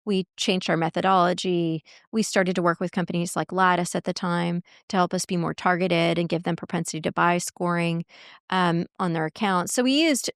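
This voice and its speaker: A woman guest in a podcast interview, telling workplace stories in an animated way and acting out quoted dialogue. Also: on the low side, no echo, clean studio sound. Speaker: guest, marketing executive and coach.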